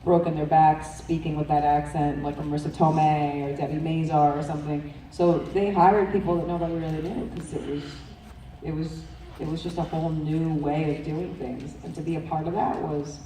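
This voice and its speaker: New york lady chatting at a panel, lowish mellow voice, roomy hall, mic kinda far. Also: level tone, normal speed. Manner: chatty, swears, laughs often, rambling restarts. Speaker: interview guest, actress. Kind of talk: casual panel interview. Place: convention panel room. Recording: roomy, distant mic, faint hiss.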